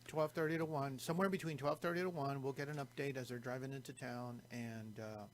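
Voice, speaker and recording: A man talking as a guest on local radio, speaking haltingly with restarts, in English and Spanish. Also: medium pitch, steady tone, a little hiss or hum. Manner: halting, many restarts and fillers. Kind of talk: casual radio talk.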